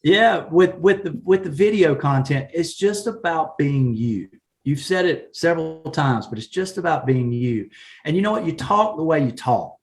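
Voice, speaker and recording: A man with a Southern accent from South Carolina, talking in a folksy, animated way with frequent laughs in a casual live-stream chat. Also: fairly high pitch, normal speed. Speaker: guest, real estate agent.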